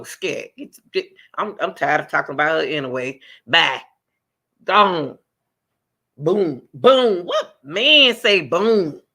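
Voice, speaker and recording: Guy streaming reactions, gravelly, bright edgy tone, keeps turning to chat. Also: a little high. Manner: animated, talks straight to chat. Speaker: commentary streamer. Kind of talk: live reaction commentary.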